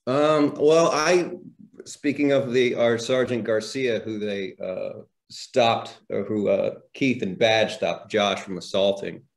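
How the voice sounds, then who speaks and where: A man with a fairly low voice speaks hesitantly and a little sheepishly while on a video call. He sounds unsure of himself as he talks. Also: fairly even intonation, takes it slowly, vocal fry. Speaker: guest. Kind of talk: casual interview chat.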